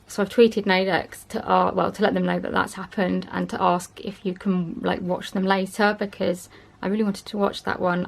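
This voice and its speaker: Gravelly-voiced woman vlogging. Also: mid-range voice. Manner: chatty and rambling, many ums and small laughs. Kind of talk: casual vlog chat to camera.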